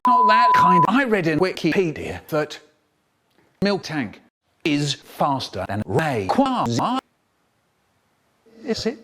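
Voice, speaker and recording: A man in his seventies, or an AI clone of one, talking in a choppy, spliced comedy collage with sudden jumps in pitch and loudness. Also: sing-song, slow, long pauses, a little hiss or hum. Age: 70s. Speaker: impression of a famous storyteller. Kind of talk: comedic sentence-mixed collage.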